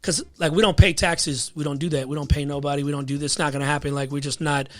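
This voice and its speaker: Fast-talking man telling a story. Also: fairly high pitch, fairly even intonation, fairly bright tone. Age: adult with a wife and child. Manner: loose and conversational, full of "like" and "you know what I mean". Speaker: podcast guest. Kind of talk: casual storytelling.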